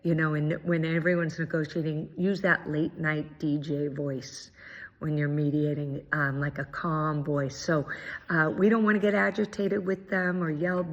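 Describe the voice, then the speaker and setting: A woman's voice: low voice, level tone, unhurried. A woman mediator giving an earnest, encouraging training talk, with frequent ums. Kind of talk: prerecorded presentation. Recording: dull, lo-fi audio with long reverb.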